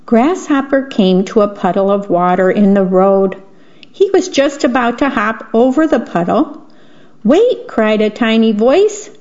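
A woman reads a bedtime story aloud for a radio broadcast, gentle and steady. Her voice sits a little high. The recording is dull and lo-fi. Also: unhurried. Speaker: volunteer radio reader.

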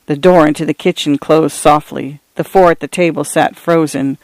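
Man, audiobook narration, steady, measured, fairly high voice, dry studio sound. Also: no echo. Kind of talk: scripted narration.

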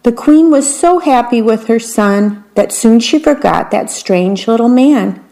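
Slow, wry woman storyteller. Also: on the high side, animated, vocal fry, mellow. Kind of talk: reading a fairytale aloud.

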